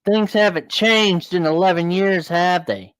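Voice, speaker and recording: A man voicing a gruff, bossy middle-aged dorm supervisor who barks like a drill sergeant, in a story he tells. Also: high-pitched, fairly quick, dry recording, voice pushed up, natural voice. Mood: taunting. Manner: barking, taunting.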